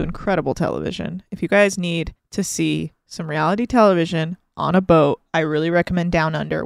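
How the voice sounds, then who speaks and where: A woman producer co-hosts a podcast, chatting casually with a playful, opinionated streak. Her voice is lowish and gravelly, captured as clean studio sound with no echo.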